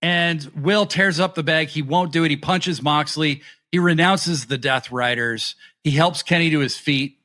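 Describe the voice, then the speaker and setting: A man co-hosting a wrestling review podcast, talking excitedly and swearing freely as he recaps matches and acts out the wrestlers' lines. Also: on the high side, a little slow, few pauses. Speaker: podcast co-host. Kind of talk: casual wrestling review chat.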